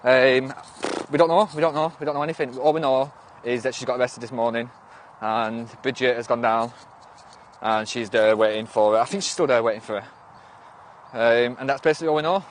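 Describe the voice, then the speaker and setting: Brisk and steady in tone, with a medium pitch, this young Northern English livestreamer from the Northwest works through viewer comments on his phone. He's rambling and restart-prone, swears occasionally, and retorts sharply to commenters, all over a little hiss or hum.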